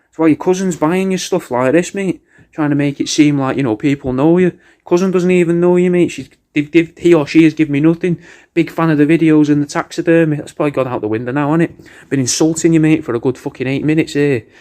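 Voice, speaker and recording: A man's voice: on the high side, steady tone, quick pace, warm tone. Sweary man roasting someone. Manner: sweary, rambling, mock-insulting, says "mate" constantly. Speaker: podcast host recording paid video messages. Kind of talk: comedic roast monologue.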